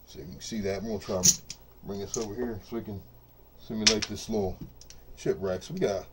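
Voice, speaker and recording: A man's voice: on the low side, steady tone, a little fast, background noise. Fired-up profane man ranting to camera. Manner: profane, boastful and fired up, heavy with "you know what I mean". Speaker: craps dice-control video host. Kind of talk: casual unscripted rant to camera. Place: home studio set up for dice rolling.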